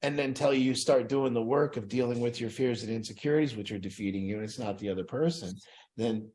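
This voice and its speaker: An earnest man talks through an addiction recovery group session, his voice at an ordinary middle pitch. He speaks reflectively to a small group in a room. He slips into the inner voices he describes. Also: fast, a little mellow.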